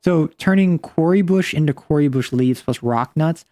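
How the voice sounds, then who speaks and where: A man's voice: on the high side, moderate pace, dark tone, dry recording, studio quality. A man streaming a game, thinking aloud in a rambling, casual way. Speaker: vtuber streamer. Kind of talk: casual livestream commentary while playing.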